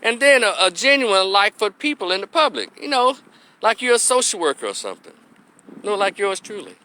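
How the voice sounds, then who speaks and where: A man holds forth in a blunt, salty-tongued commentary. His voice sits a touch high and sounds very sharp and forceful. Faint street traffic hums behind him outdoors. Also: sing-song, a little fast. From Memphis, Tennessee, US. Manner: blunt, preachy, salty language, folksy. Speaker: opinion vlogger, social worker. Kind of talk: opinionated commentary monologue.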